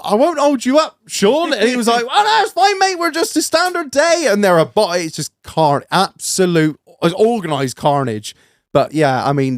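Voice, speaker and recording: A man telling an embarrassing story on a podcast in a sweary, laughing, animated way. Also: on the high side, no room sound, studio quality. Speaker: podcast co-host. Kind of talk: casual storytelling chat.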